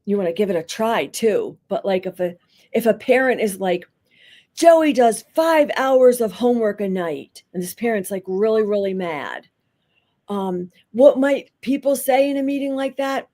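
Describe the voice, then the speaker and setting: Middle-aged woman, school psychologist, warm mellow tone, lively storytelling, acts out quotes. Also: mid-range voice, moderate pace. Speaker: school psychologist and podcast guest. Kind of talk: conversational explanation with anecdotes.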